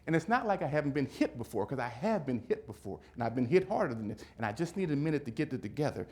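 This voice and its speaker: A man giving a keynote speech, telling a personal story in an animated, dramatic way and repeating key phrases for emphasis. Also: mid-range voice, fast. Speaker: keynote speaker. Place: event hall at a business summit.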